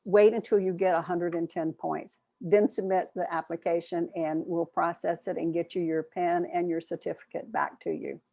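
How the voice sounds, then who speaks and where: Friendly woman presenter, lower register, close and dry, video-call meeting. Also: little pitch movement, normal speed, creaky, hardly any pauses, dark tone, dry recording. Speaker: program presenter. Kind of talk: online club meeting presentation.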